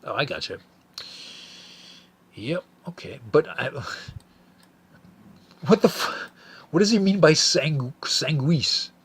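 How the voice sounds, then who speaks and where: A man's voice: a little high, big pitch swings, takes it slowly, creaky, pauses often, husky. A man hosting a solo podcast, reading out listener messages in a rambling, profane, casual way with frequent stammered restarts. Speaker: podcast host.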